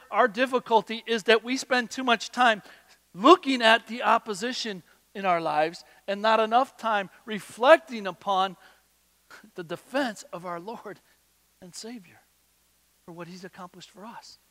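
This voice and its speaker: A pastor preaching in a bright, forceful voice that carries a long hall reverb. He swings between loud emphatic bursts and quiet, low asides. His voice sits high for a man. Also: measured pace. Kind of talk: sermon.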